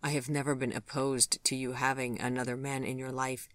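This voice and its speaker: Narrator playing a soft-spoken fancy gentleman, gentle and courtly, mid pitch, dry sound. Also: flat delivery, a little fast, no room sound, lightly acted. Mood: tender. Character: gentle, refined older gentleman who loves elegance.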